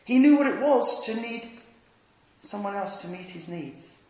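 A man preaching a sermon, telling stories earnestly and dropping to a hush on tender points. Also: high-pitched, animated, a little slow, a little hiss or hum. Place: church. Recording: echoey church hall.

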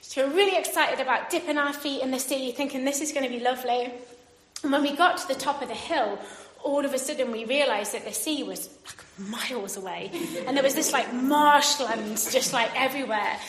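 A woman telling a funny story to a live audience, animated, laughing often and acting out the voices of the people in it. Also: high voice, a little fast, echoey room. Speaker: speaker.

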